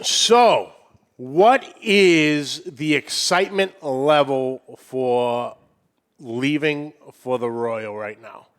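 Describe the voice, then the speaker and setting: A man from New England hosting a barbecue podcast with jokey, energetic banter. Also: mid-range voice, drawn-out words, clean tone. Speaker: podcast host.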